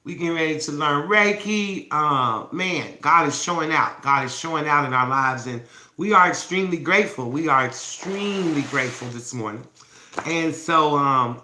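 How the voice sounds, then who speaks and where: A woman's voice: sits low, sharp tone. A woman hosting a casual morning livestream on her phone, playful and affectionate, calling her viewers babies. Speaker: self-love challenge host. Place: indoor room with candles. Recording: echoey room with faint background noise.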